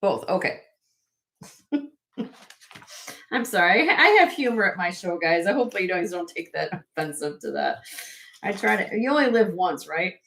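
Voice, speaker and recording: A woman's voice: on the low side, expressive, normal speed, gravelly, long pauses, a bit bright. A woman hosting a casual live-stream jewelry sale, chatty and self-correcting, laughing often as she shows pieces to viewers.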